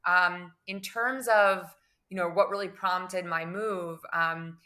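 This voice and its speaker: A young woman talks through her career in a relaxed interview, weighing her words and hedging often. Her voice sits low and rather flat in pitch, but the tone is bright and forward. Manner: measured, many fillers and hedging phrases. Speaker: guest, crypto business development director. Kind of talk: conversational interview answers.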